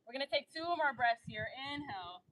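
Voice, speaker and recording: A woman teaching a guided yoga class, giving calm breath cues and slipping into casual, slangy chatter. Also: high-pitched, fairly quick, slight background noise, poor audio. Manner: calm cueing that breaks into chatty, animated asides. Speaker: yoga instructor.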